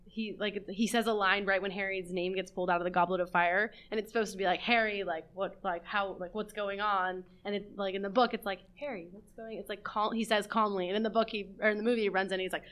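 A woman's voice: medium pitch, little pitch movement, quick pace, hardly any pauses, a bit bright, clean tone. A woman in a casual group chat, opinionated and full of fillers. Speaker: panelist.

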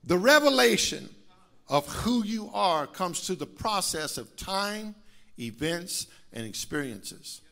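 A middle-aged man preaching a sermon as pastor, rising into shouts and whoops, with a slight cough. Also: high voice, big pitch swings, slow, creaky.

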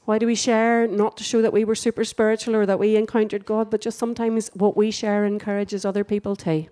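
Woman, group prayer leader, mellow warm tone, gentle and affirming. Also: mid-range voice, little pitch movement, brisk. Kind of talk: guiding a group reflection.

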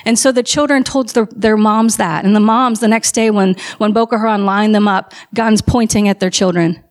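A woman's voice: medium pitch, fairly even intonation, moderate pace. A woman preaching a sermon, telling a story with building passion and emphatic calls to her listeners.

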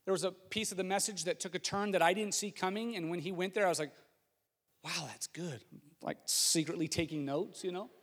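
A man's voice: high voice, fast talker, hardly any pauses, fairly bright tone. Preaching man in a reverberant hall. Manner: conversational, self-deprecating humor, builds to emphatic repetition. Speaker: pastor. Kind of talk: sermon. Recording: long hall reverb with faint music.

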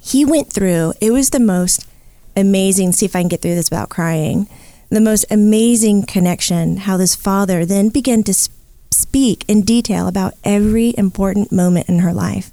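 Animated middle-aged woman telling a story. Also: medium pitch, normal speed, dry recording. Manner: animated, acts out the voices in her story. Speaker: guest, psychic medium. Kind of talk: storytelling in a casual interview.

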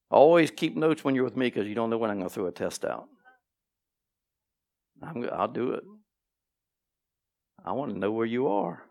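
A man preaching a sermon to his congregation, animated and repeating key phrases, with playful asides. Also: fairly low pitch, normal speed, creaky, pauses often. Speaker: pastor. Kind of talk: sermon teaching. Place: church sanctuary.

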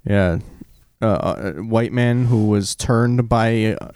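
Laid-back joking man, low voice. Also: slow, a little mellow, clear, resonant tone, dry recording. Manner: laid-back, joking, laughs a lot, swears. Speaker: podcast co-host. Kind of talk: casual chat.

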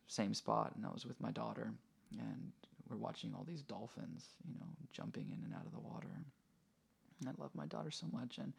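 Gravelly, husky man telling a story. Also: fairly low pitch. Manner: earnest, reflective. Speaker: podcast host. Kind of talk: conversational storytelling.

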